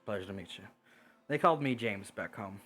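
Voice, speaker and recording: A man voicing a tired young swordsman with dry humor who speaks quietly and trails off. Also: fairly low pitch, lively intonation, fairly quick, faint music behind. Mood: weary.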